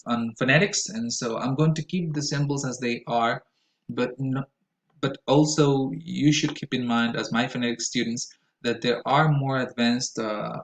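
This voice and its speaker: A man's voice: medium pitch, rough recording. A man whose first language is Spanish, teaching English pronunciation to his students in a careful, explanatory lecture with frequent fillers.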